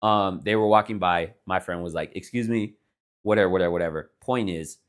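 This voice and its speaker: A young man from Texas co-hosts a casual podcast. He tells his stories in a loose, rambling way, full of fillers and swearing, in a somewhat low voice. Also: fairly even intonation, fast, clear, resonant tone. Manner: laid-back storytelling, heavy filler words and swearing. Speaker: podcast co-host. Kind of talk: casual chat.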